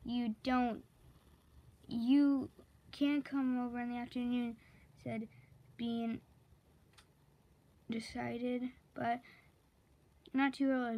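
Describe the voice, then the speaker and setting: A woman slowly reading a children's chapter book aloud, correcting herself and pausing to chat about the pictures. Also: on the high side, level tone, dull audio. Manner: slow, careful read-aloud with self-corrections; chatty asides about the pictures. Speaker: reader.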